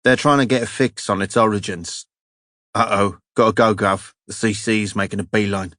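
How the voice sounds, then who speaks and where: A man voicing a gruff, cheerful police sergeant leaving a breezy, slangy phone message in an audiobook. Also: lowish voice, steady tone, moderate pace, fairly bright tone, no echo, clean studio sound, natural voice. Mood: chatty. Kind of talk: audiobook character voice.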